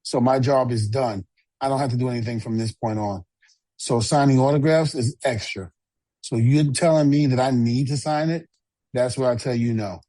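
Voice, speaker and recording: A man voicing a blunt giant of a wrestler in a retold story, turning down a fan in a flat, matter-of-fact way. The voice is close and dry, with little room sound. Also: medium pitch, no echo, close to an everyday voice.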